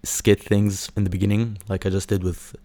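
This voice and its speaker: A man's voice: lowish voice, level tone, normal speed, noisy background. A man hosting a casual solo podcast, rambling with lots of fillers, swearing and mocking impressions. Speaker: podcast host.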